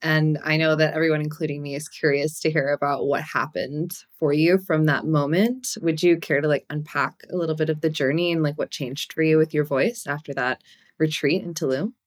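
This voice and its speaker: A woman's voice: low voice, steady tone, a little fast. A woman voice coach and podcast guest who speaks in an affirming, thoughtful coaching tone. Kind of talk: casual podcast conversation.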